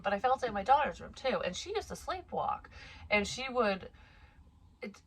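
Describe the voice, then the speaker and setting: A woman's voice: medium pitch, animated, normal speed, slight background noise. A woman in her forties, a psychic medium, casually telling a personal story in a frank, profane, rambling way. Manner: chatty, rambling with asides.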